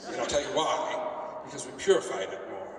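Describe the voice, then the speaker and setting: A convention event organizer casually tells a story to an audience in a convention hall, rambling, joking, and acting out bits of dialogue. His medium-pitched voice is expressive and brisk. The hall is echoey and noisy, with the mic far off.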